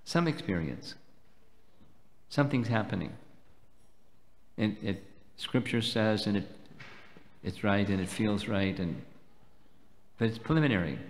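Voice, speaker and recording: A low-voiced man delivers a measured devotional lecture, pausing to explain each point. His voice rings out with a long reverb that fills the temple hall. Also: animated. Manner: measured, explanatory, slow and deliberate. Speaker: swami lecturing at a festival.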